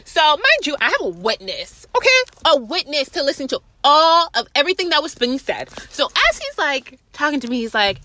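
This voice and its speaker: A young woman telling a casual, profane story about a theft, acting out everyone's lines in lively voices. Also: a little high, normal speed, no room sound. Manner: animated, profane, acts out others' voices.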